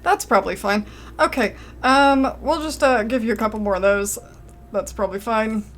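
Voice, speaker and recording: A woman's voice: on the high side, animated, moderate pace, fairly bright tone, soft background music. A woman giving casual gameplay commentary, chatty and self-mocking, reading game text aloud and reacting with exasperated outbursts. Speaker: let's play gamer.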